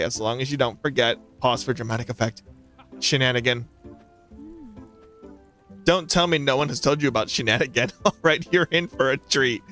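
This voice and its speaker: A man's voice: medium pitch, fairly bright tone, close to an everyday voice. A man reading as a grandiose traveling showman. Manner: grandiose, theatrical read-aloud. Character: flamboyant theatrical male traveling performer. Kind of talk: reading game dialogue aloud.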